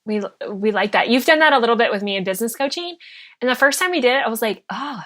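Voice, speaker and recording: A woman's voice: on the high side, lively intonation, fast talker, a bit bright. A woman hosting a podcast interview, talking in a chatty, reflective way with many fillers. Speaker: podcast host.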